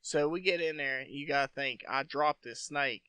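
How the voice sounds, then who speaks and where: A man's voice: mid-range voice, normal speed, clear, resonant tone, no echo. A man telling a long story in a casual, profane chat, acting out what people said. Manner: profane, animated storyteller who acts out quotes.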